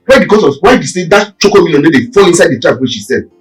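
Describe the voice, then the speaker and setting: A furious jealous boyfriend. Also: male voice, a little high, very animated, distant mic, soft background music, rough recording. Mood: angry. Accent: Nigerian Pidgin. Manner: quarrelsome, rapid scolding. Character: jealous angry village boyfriend. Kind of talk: Nollywood film acting.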